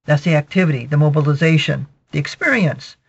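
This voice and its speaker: Higher-pitched male preacher on a dull recording. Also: vocal fry. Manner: measured teaching, peppered with "okay" and repetitions. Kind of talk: sermon, verse-by-verse Bible exposition.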